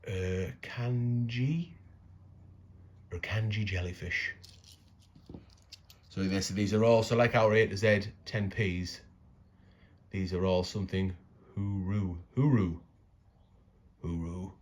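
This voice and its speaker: A man's voice: low-pitched, slow, pauses often. A man musing aloud in a casual unboxing commentary, chatty and tripping over words. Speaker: coin collecting vlogger.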